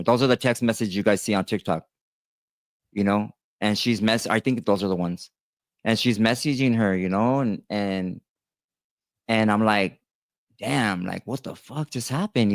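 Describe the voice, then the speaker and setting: A man in his thirties with a lowish voice and a dry, echo-free recording. He's a tattoo artist telling his viewers a personal story directly, in a loose, rambling monologue full of fillers and restarts.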